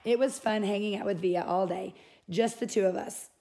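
A woman's voice: medium pitch, steady tone, moderate pace, mellow, slight background noise. A woman reading a first-person novel aloud in an unpolished way, with small slips and self-corrections. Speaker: audiobook reader.

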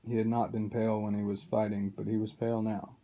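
A man reading a children's novel aloud in a steady, unhurried way. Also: lowish voice, phone-quality sound. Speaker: reader.

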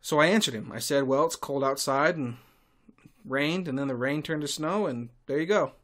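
A man hosting a podcast, telling stories in a sarcastic, irritable monologue with sudden loud outbursts. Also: fairly high pitch, moderate pace. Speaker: podcast host and tour guide. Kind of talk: casual ranting monologue.

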